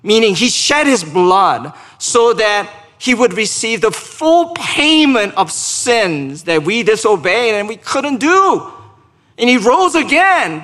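A man's voice: extremely high pitch, a bit bright, long reverb tail. A man preaching a sermon and leading a closing prayer, speaking earnestly, asking the congregation questions and rising to emphatic peaks. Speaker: pastor.

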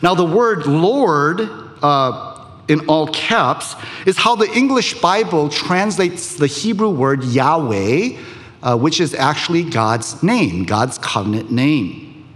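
Pastor, male, slightly high voice, animated preaching in a reverberant hall. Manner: measured preaching with emphatic pauses. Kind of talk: sermon.

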